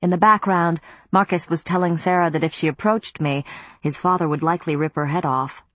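Low-voiced woman narrating an audiobook. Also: fairly even intonation, a little fast, a bit bright, no room sound. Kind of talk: first-person audiobook narration.

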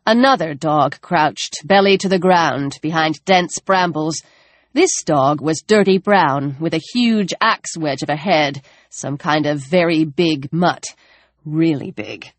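A woman narrating an audiobook in a measured, even reading voice on a close microphone. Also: fairly low pitch, no room sound.

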